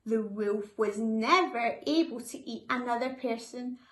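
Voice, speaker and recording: A woman reading a children's story aloud in a lively, expressive way. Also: fairly high pitch, a little slow. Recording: echoey room.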